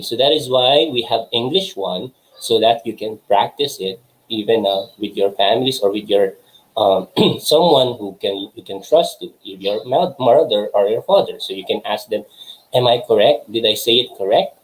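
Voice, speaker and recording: A man's voice: fairly low pitch, lively intonation, moderate pace, rough recording. A young adult man from the Philippines teaching an online English lesson to young children, patient and hesitant, with many fillers.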